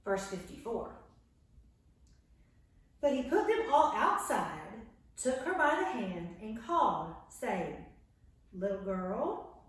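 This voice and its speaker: A woman teaching young children, with a high voice that swoops up and down as she tells the story. She speaks loudly to reach a camera set across the room. The recording has heavy echo from the room. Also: slow pace, long pauses. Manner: animated, acts out voices of the story characters; talks loud to reach the camera. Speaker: children's Bible class teacher. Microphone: far camera mic. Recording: very echoey room, camera far off.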